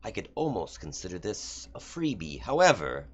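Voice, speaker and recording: A man voicing a scheming male archdevil with a British accent, who talks in fussy, drawn-out, lawyerly muttering. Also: low voice, very animated, slightly rough, full character voice.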